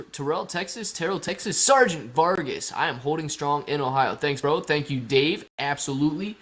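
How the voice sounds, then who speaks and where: A man's voice: on the high side, normal speed, few pauses, fairly bright tone. A man hosting a casual livestream, chatting and answering viewer comments in a loose, rambling way. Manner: chatty, restarts sentences, calls viewers guys and bro. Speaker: livestream host.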